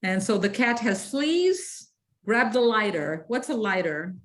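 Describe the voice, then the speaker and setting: A woman teaching English, at a mid pitch. She works through the material patiently and keeps asking her class whether they follow, repeating herself whenever she needs to. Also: sing-song, rough recording. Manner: patient, explains slowly and checks for understanding.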